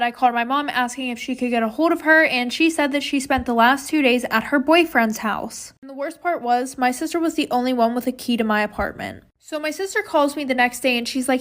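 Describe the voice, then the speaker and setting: High-voiced chatty young woman. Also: brisk, hardly any pauses, a bit bright. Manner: chatty, exasperated, fillers like "like". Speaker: storyteller. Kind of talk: casual storytime narration.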